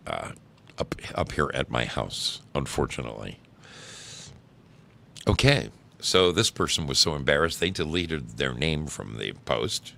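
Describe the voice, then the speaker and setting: A man's voice: very deep voice, creaky, pushed and bright. A man hosting a show from home, reading embarrassing stories aloud with wry, amused asides. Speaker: podcast host.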